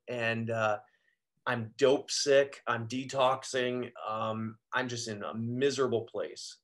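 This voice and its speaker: Earnest man telling his story. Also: fairly low pitch. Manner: earnest, reflective, frequent ums and you-knows. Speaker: Catholic priest and guest. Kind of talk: personal testimony in a conversation.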